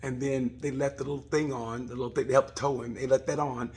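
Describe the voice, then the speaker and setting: Rambling, profane man with a very husky voice. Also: mid-range voice, flat delivery. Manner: rambling, profane, acts out voices in quick asides. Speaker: comedian reviewing a motorcycle race. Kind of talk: casual comic monologue.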